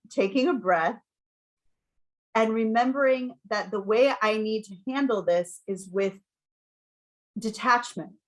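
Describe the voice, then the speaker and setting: A middle-aged woman sharing a parenting story on a podcast, in a voice that sits at an everyday middle pitch. She talks casually and reflectively, laughs often, and sinks into quiet, soothing asides. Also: low-quality recording. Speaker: podcast co-host.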